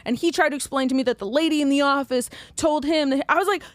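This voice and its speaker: A woman's voice: high-pitched, steady tone, fast, no echo. A young woman co-hosting a podcast, telling a story in casual chat and acting out the quotes, swearing freely. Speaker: podcast co-host.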